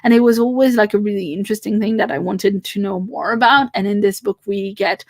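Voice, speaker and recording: A woman's voice: mid-range voice, a little fast, no echo, clean studio sound. A woman with a French accent, a native French speaker, hosting a livestream in a rambling, casual chat full of fillers and restarts, talking from home on a webcam. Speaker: livestream host.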